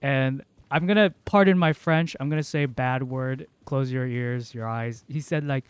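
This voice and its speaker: Rambling male streamer from the American South, slightly higher pitch, casual talk into a desk mic. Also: lively intonation, clean tone, no room sound. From Southern United States. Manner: rambling, chatty storytelling, quick laughs. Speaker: game streamer. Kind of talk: casual chat while playing.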